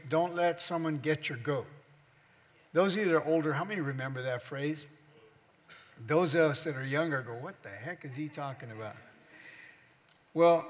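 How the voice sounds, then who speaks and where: A man's voice: on the high side, fairly bright tone. A middle-aged man preaching as a pastor, teaching his congregation and asking them questions. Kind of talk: sermon. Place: church hall. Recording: echoey church hall.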